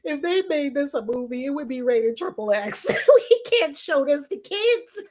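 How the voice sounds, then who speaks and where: A woman's voice: high voice, expressive, unhurried, darkish tone. A woman hosting casual commentary on scripture, laughing often and sounding incredulous. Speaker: host.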